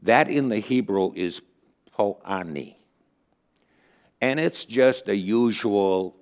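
A man giving a conversational sermon, retelling stories earnestly with pauses as he thinks. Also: lowish voice, lively intonation, a little mellow. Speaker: preacher.

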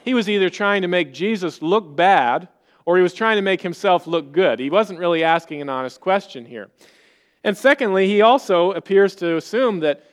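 Male pastor, high voice, earnest conversational sermon delivery, rhetorical questions to the congregation. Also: expressive, normal speed, clear, resonant tone.

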